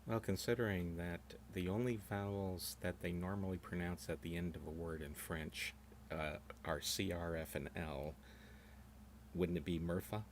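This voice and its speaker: Deep-voiced wry man chatting on stream. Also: fairly even intonation, moderate pace, a little hiss or hum. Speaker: tour guide. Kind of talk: casual chat on a live stream.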